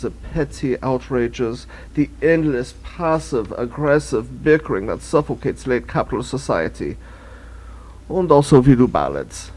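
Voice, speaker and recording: An actor playing a pompous, pretentious band leader who puts on a fake European accent and talks down to everyone, in a comedy radio sketch. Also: male voice, mid-range voice, expressive, a little slow, darkish tone, slightly rough, rough recording. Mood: lecturing. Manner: supercilious, condescending.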